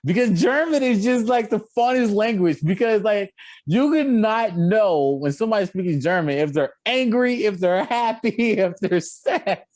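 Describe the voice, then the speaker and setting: A young man co-hosting a casual sports podcast, talking in an animated, laughing way with a jumpy pitch. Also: moderate pace, dry recording. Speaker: podcast co-host.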